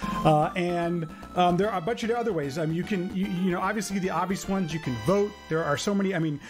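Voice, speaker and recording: A man's voice: high voice, brisk. A man giving upbeat, chatty live commentary on his speedrun, explaining as he plays. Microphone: quiet home streaming mic. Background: game music.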